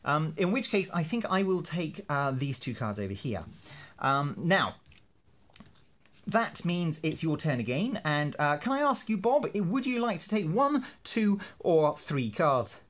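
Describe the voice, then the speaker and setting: A man's voice: on the high side, sing-song, a little slow, fairly bright tone. A man explaining a teaching card game in a playful, self-deprecating, hammy way. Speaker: university lecturer making teaching videos. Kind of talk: educational explainer.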